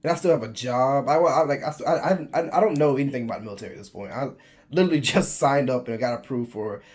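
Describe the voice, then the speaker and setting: A man's voice: mid-range voice, quick pace, a little mellow. Chatty American man in his twenties. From United States. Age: 20s. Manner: chatty, laughing often, frequent restarts. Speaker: vlogger. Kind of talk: casual personal storytelling.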